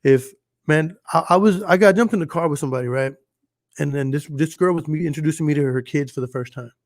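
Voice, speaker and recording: A man's voice: on the high side, fast, no room sound, studio quality. Profane, slangy man on a podcast. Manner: loose, profane, storytelling, keeps asking "you know what I'm saying". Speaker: podcast co-host. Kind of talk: casual podcast chat.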